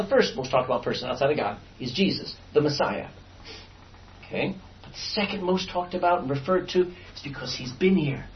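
Lively Bible study teacher, heard from afar. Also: medium pitch, a little hiss or hum. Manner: lively, explains and quizzes the class. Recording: distant, dull lo-fi room recording.

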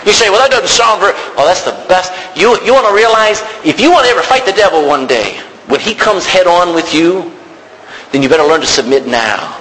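A man's voice: fairly high pitch, a bit bright. A male preacher giving an emphatic sermon, calling out to the congregation for responses. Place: church. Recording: long hall reverb, faint noise.

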